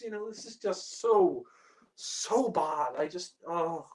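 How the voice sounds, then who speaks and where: A man's voice: high voice, expressive, takes it slowly, a little mellow. Man, casual review rant, exasperated, swearing, lots of fillers, laughs often.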